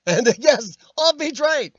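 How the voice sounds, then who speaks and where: Livestream host, a man with a high, nasal, worn voice that cracks at times, joking to chat over a dull, dry webcam. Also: slightly rough, no echo. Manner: rambling, jokey, laughs often. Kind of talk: casual chat.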